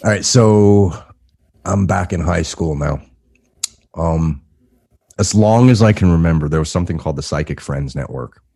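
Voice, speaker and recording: A man in his thirties co-hosting a wrestling podcast, explaining things in a relaxed casual chat with mild cursing. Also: low voice, moderate pace, vocal fry, long pauses, slightly rough, dry recording, clean studio sound. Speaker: podcast co-host.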